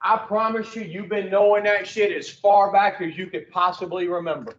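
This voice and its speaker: A man's voice: high voice, fairly even intonation, moderate pace. A man leading an addiction recovery class, blunt and profane, quizzing the group in front of him. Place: room with a group. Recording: roomy, distant, dull lo-fi.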